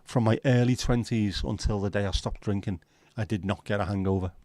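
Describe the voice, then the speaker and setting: A man's voice: fairly low pitch, steady tone, a little fast, darkish tone, no echo. Sweary, chatty man livestreaming. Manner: chatty, sweary, reads out viewer comments. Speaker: livestream host. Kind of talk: casual livestream chat. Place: at home, window nearby.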